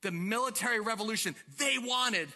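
A male pastor preaching an animated sermon to his congregation, asking them questions and acting out the scene. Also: high voice, fairly quick, in a large hall. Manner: animated, asks the congregation questions and acts out quotes. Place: church sanctuary.

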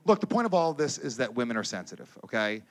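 A man doing a stand-up comedy set on stage, with a loud, animated delivery, profane banter with the crowd and shouted character voices. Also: medium pitch, quick pace. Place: comedy stage before a live audience.

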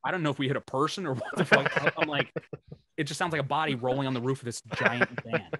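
Talking fast in a mid-range voice over a little hiss or hum, this band member shares road stories from touring during a casual podcast conversation. He's animated, curses a lot, and performs other people's lines as he goes.

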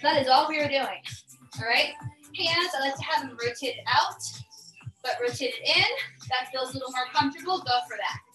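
A woman's voice: high-pitched, normal speed, sharp tone. A woman leading a live workout class, coaching with cheers and countdowns while out of breath. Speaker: fitness instructor. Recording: echoey room from far off, music behind.

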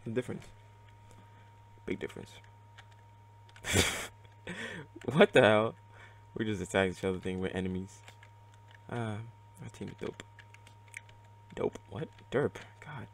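A man giving live gameplay commentary, excitable and reactive, muttering and swearing at the game as he plays. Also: deep voice, measured pace, creaky, long pauses. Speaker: let's play gamer.

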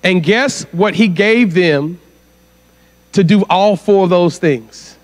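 A man's voice: sits high, slow. A man preaching as guest speaker at a church conference, firing rhetorical questions at the congregation. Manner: asks the crowd rhetorical questions. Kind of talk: sermon.

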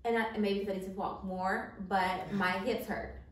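A woman's voice: mid-range voice, moderate pace. Young woman, casual chat, very echoey room, mic at a distance. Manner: chatty, animated storytelling with laughs. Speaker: pregnant co-host. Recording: roomy echo, mic at a distance.

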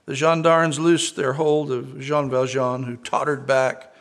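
A man's voice: medium pitch, level tone, measured pace. A man preaching a sermon as pastor, earnestly telling a story and quoting scripture. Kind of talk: sermon with read-aloud story.

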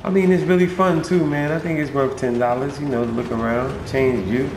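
A man's voice: medium pitch, steady tone, a little fast, reverberant, background noise. A man giving casual, slangy commentary while playing a video game, chatting to the characters on screen. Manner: laid-back, slangy, talks to game characters.

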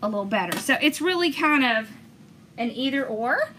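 Her voice is high, expressive, pushed, and bright at a normal speed as she hosts a relaxed crafting demo. She talks viewers through every step with enthusiasm, over a little background noise.

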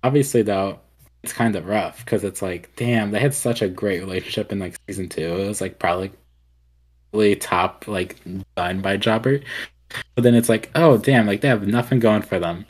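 A man's voice: lowish voice, normal speed, husky. Rambling man, casual podcast chat. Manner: rambling, heavy on fillers like "like". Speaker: podcast co-host.

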